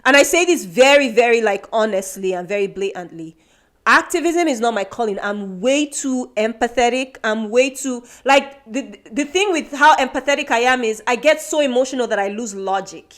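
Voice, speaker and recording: A Nigerian-born woman co-hosts a podcast, speaking in a fairly high, expressive voice at normal speed. She talks earnestly and reflectively in a casual chat, restarting her sentences many times.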